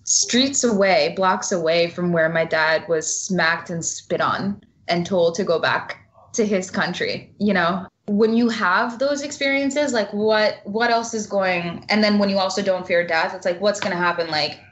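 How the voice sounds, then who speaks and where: A woman's voice: mid-range voice, measured pace, fairly bright tone, a little hiss or hum. A woman guest talking bluntly and passionately in a casual interview, swearing freely.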